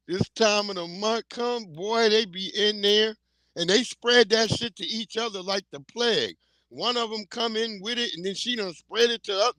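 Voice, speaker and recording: Middle-aged guy on a livestream, high bright voice, goofy profane storytelling, laughs a lot. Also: no echo. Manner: rambling comic storytelling, profane, laughing often. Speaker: livestream host. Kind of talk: casual livestream chat.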